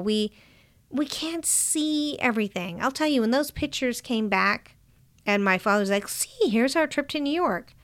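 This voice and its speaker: A woman giving a calm, measured motivational talk to entrepreneurs, sometimes dropping to a soft whisper. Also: a little high.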